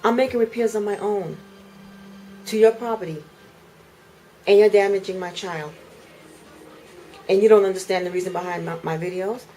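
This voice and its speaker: In her apartment, a woman records a furious vlog rant, heatedly repeating her grievances on camera. Her mid-range voice is mellow, at a normal speed with long pauses, and the rough recording carries a little hiss or hum.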